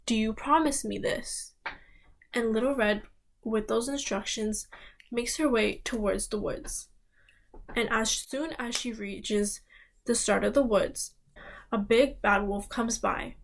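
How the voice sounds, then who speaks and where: Slow creaky-voiced woman telling a fairy tale. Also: on the high side, rough recording. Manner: addresses listeners, dramatic pauses. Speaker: student storyteller. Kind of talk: oral fairy-tale storytelling.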